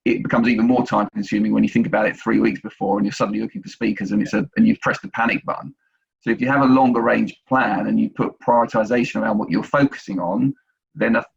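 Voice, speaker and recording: A man's voice: mid-range voice, creaky, husky, muffled recording. A man, an agency chief executive, speaking on a panel with many restarts and fillers. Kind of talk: panel discussion on video call.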